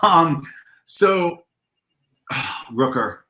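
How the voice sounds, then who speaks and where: A man on a video call, telling convention stories in an animated way and acting out the dialogue in a raised voice. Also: on the high side, very slow, reverberant. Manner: excitable, acts out dialogue in a raised voice. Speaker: convention organizer guest. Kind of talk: animated storytelling on a livestream.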